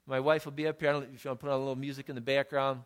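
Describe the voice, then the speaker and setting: A middle-aged man preaching a sermon as pastor, conversational and earnest, slowing on key phrases and rising to emphatic peaks. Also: mid-range voice, flat delivery, clean tone.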